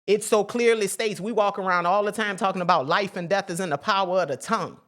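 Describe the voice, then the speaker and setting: A woman's voice: medium pitch, fast talker, fairly bright tone. A woman giving an informal spiritual teaching, emphatic and preachy, swearing freely in slangy talk and repeating phrases for emphasis.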